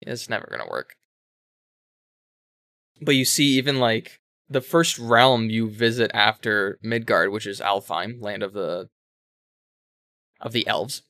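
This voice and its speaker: A man co-hosting a casual talk show, retelling a story in a rambling, animated way with self-corrections and swearing. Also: on the low side, measured pace, long pauses, no room sound, studio quality. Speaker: podcast co-host explaining a game. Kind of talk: casual chat.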